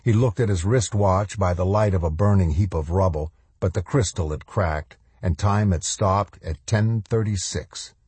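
A man narrating a novel in an audiobook with measured, even storytelling. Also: low voice, husky, no room sound.

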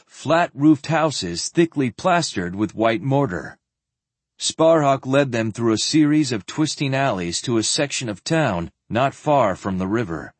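A man narrating a fantasy novel as an audiobook, with expressive, varied delivery close to the microphone. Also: medium pitch, no room sound.

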